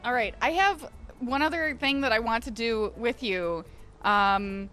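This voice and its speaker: A woman's voice: a little high, a little slow, fairly bright tone. A woman hosting a music interview, asking questions in an upbeat way. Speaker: interview host.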